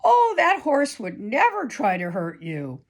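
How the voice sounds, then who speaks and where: A woman's voice: on the high side, wildly swooping pitch, unhurried, voice pushed up, heavily acted. A woman playing a breezy horse-crazy teenage girl.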